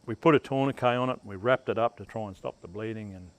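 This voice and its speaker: An older man with an Australian accent, telling stories from his life in a relaxed, rambling way as an interviewee. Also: fairly low pitch, fast, rough recording. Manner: rambling, laid-back yarn-spinning with laughs. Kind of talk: casual storytelling.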